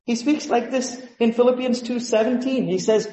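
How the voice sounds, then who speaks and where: A man's voice: very high-pitched, moderate pace, few pauses, mellow, reverberant, poor audio. A man, a pastor, preaching a sermon with emphatic rhetorical questions.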